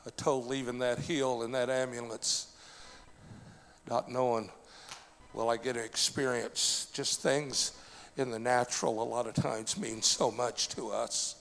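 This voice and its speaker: A man pastor giving a sermon testimony, building from quiet storytelling to shouting, with frequent "uh" fillers. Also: mid-range voice, steady tone, unhurried, vocal fry, big-room sound. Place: church.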